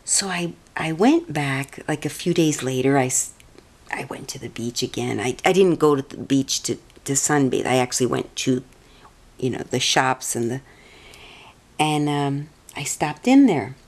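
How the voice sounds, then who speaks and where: A rambling, chatty woman with a notably low-pitched voice. She tells a personal story casually and keeps doubling back and restarting her sentences. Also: lively intonation, unhurried. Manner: meandering, chatty, many restarts. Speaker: vlogger.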